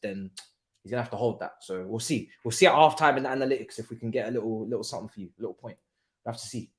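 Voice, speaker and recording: A young man hosting a live football watchalong, talking in an excitable, slangy way, laughing often and swinging from loud outbursts to quiet asides. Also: a little high. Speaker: livestream watchalong host.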